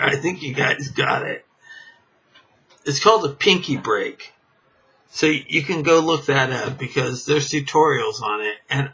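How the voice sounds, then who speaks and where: A man's voice: mid-range voice, bright, forceful tone, breathy edge. A man teaching a card trick in a casual, rambling way, full of fillers and chuckling at himself. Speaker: magic teacher. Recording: dull lo-fi camera audio.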